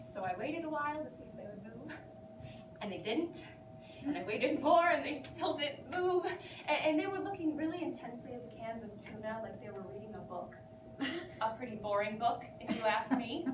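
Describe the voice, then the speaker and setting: An actor, a young woman, performs a theatrical comic monologue as a rambling, neurotic patient venting to her therapist, giggling as she goes. Her voice is fairly high and natural at a moderate pace, recorded on a distant mic in an echoey room with background noise.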